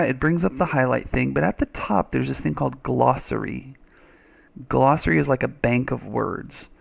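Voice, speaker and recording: A man's voice: fairly high pitch, creaky. A man teaching a reading lesson over a screen recording, chatty and thinking aloud, with little playful sound effects.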